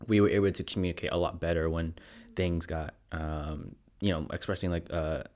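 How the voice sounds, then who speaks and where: A man hosting a podcast, chatting in a relaxed way and laughing often. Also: sits low, fairly quick. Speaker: podcast host. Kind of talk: casual interview chat.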